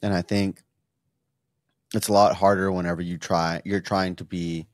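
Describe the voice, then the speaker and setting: A man with a very low voice talks in a loose, rambling way, often repeating words and playing out his own thoughts. He sounds like a casual podcast co-host. The sound is dry and close, with no room around it. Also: flat delivery, moderate pace, a little mellow, dry recording. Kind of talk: casual chat.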